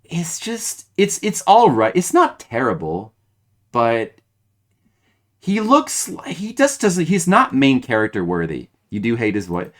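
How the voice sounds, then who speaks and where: A man's voice: medium pitch, wildly swooping pitch, unhurried. A man streaming a video game, commenting casually and rambling with many restarts and hesitations.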